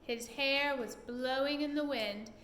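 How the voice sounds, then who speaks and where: A woman reading a children's book aloud at home, expressive and animated. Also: sits high, measured pace, roomy sound, noisy background.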